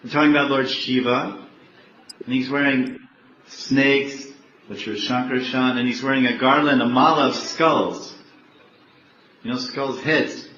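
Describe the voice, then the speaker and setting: Man giving a lively story sermon. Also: medium pitch, a little hiss or hum. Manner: lively, asks the audience questions, acts out characters. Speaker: monk giving a talk. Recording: echoey, dull room recording.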